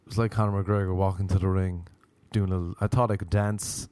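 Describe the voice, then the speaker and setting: A man's voice: low-pitched, level tone, brisk, darkish tone, no room sound. A young man hosting a podcast, rambling through comic stories, swearing freely and acting out the voices in them. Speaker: podcast host. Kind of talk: casual comedic monologue.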